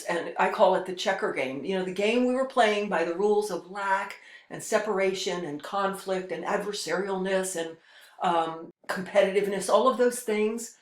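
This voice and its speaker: Woman spiritual host, mid-range voice, rambling delivery, reverberant room. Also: medium pitch. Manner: rambling, with frequent restarts and hesitations. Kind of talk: casual spiritual monologue.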